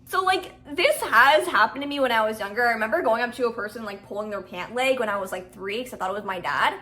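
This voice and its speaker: Animated high-voiced woman reacting to confessions. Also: quick pace, few pauses. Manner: animated, chatty, laughs often; exclaims in disbelief. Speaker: storytelling comedy host.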